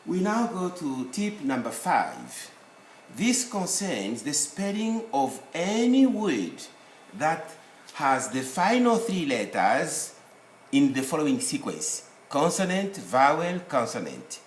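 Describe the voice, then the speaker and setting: A man teaches a spelling lesson in a lively, up-and-down voice, working through each rule with examples and spelling out the letters one by one. He sounds roomy and echoey, with a faint hiss behind him. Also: fairly high pitch, slow pace. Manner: explains step by step with worked examples, spells out letters. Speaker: English teacher. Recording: echoey room with faint noise.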